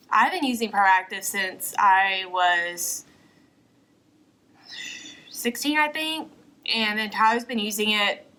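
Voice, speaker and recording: Bright-voiced young woman, chatty vlog. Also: mid-range voice, rough recording. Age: young adult. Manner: chatty, rambling, with fillers. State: a little out of breath. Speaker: vlogger. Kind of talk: casual unboxing chat. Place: apartment.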